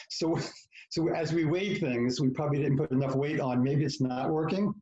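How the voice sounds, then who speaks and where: A man tells a personal story as a podcast guest, blunt and profane, slipping into the voices of the people in it. His voice sits at an ordinary middle pitch. The recording sounds roomy and a little muffled, like a home setup. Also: moderate pace, a little mellow, a little hiss or hum. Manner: frank, profane, self-mocking, acts out quoted lines. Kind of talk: candid storytelling in conversation.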